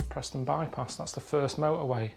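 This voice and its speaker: A man's voice: medium pitch, moderate pace, gravelly, music in the background. An English man on a travel show, talking in a dry, grumbling, unimpressed way.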